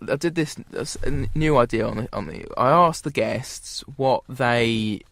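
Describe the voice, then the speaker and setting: A man's voice: mid-range voice, measured pace, vocal fry, a bit bright, no room sound. A young man hosting a casual radio chat show. He rambles, loses his words and breaks into laughs. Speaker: host.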